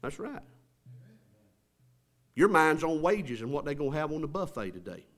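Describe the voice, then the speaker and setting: A man preaching a sermon in a church, his high, bright voice climbing from quiet, low asides into fervent shouting. He stretches out key words as he builds. The sound carries the feel of a live church service. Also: sing-song. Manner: swings from low murmurs to shouted, drawn-out preaching. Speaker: pastor.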